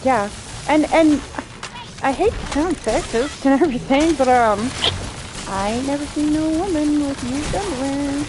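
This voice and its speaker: A woman's voice: high voice, measured pace. A woman streaming a video game, chatting casually with her viewers, swearing freely, laughing often and ranting. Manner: profane, laughing, ranting to chat. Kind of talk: casual gameplay streaming chat. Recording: noisy background hiss.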